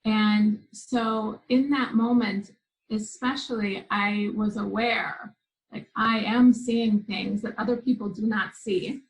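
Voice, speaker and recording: A woman's voice: mid-range voice, fairly even intonation, slow, low-quality recording. Earnest woman telling a childhood story. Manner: earnest, vivid recounting with restarts. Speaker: guest, spiritual teacher. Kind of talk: personal storytelling in an interview.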